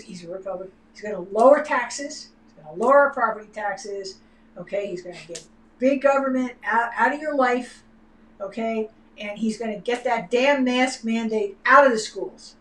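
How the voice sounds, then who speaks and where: A woman co-hosting a livestream, talking in an emphatic, heated way and swearing now and then. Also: medium pitch. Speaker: livestream co-host. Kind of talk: casual political discussion. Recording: roomy with faint noise.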